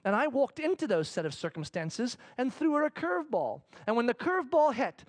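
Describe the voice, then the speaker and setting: A pastor from Africa preaching a sermon, telling a story animatedly and acting out its dialogue. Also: male voice, extremely high pitch, big pitch swings, a little fast.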